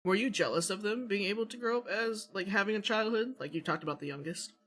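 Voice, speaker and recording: A man with a somewhat high-pitched voice hosts a casual interview and moves straight into his questions. He speaks candidly and wryly about himself and laughs easily at his own expense. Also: quick pace, fairly bright tone. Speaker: stream host and interviewer. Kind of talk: casual chat.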